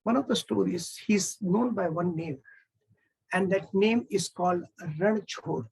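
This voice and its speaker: Husky gravelly Indian English teacher. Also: male voice, high voice, a little slow, a little mellow, poor audio. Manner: conversational, chatty asides, explains symbolism. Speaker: spiritual teacher. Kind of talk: religious discourse with storytelling.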